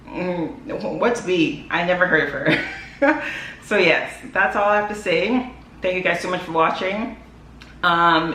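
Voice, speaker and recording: Speaking to camera in a laid-back vlog, this young woman is emotional and talkative, with plenty of "like" fillers and frequent laughter. Her pitch sits fairly low, and her tone is fairly bright. She records in an echoey space with faint background noise.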